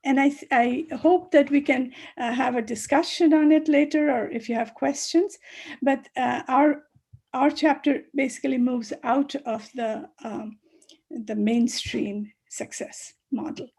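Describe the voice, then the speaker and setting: A woman speaking as a panelist on a video call, halting often with fillers and restarts. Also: high voice, steady tone, vocal fry, darkish tone, breathy edge. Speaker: panelist, chapter co-author. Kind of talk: virtual panel talk.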